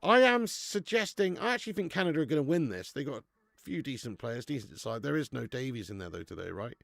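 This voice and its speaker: A man's voice: medium pitch, animated, fast talker, creaky, fairly bright tone, no echo. A man hosting a live football watch-along stream, chatting laddishly with viewers and laughing often. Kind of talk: live stream chat and match commentary.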